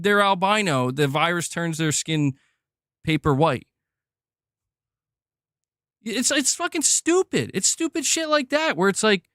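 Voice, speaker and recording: A male streamer on a live show, heated and cursing as he rants about games. His voice sits high and swings widely up and down. The sound is close and dry, with no room around it. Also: no room sound. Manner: heated, animated, swears freely. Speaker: streamer host. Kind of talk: casual livestream rant.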